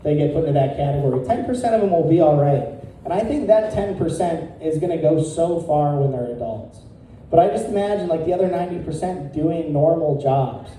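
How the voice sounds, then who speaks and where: A male stand-up comedian doing a crude deadpan set, chuckling at his own jokes. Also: fairly high pitch, fairly quick, a little hiss or hum. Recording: echoey room, picked up from a distance.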